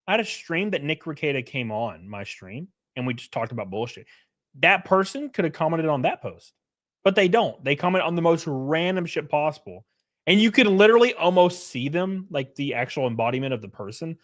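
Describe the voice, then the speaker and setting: A man hosts his own livestream, rambling through a casual, sweary rant that swings between loud bursts and quiet mutters, and he chuckles often. His voice is on the high side, expressive and brisk.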